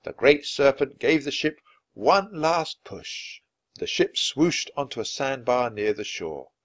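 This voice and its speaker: A man reads a children's adventure story aloud. His delivery is expressive and dramatic. His pitch moves freely over a wide range. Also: slow. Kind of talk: children's book read-aloud.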